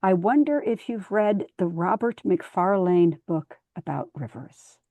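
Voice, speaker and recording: A woman's voice: lowish voice, expressive, measured pace, mellow, no echo. Woman, host, chatty, encouraging, video call, dead dry audio. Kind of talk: hosting an online book launch.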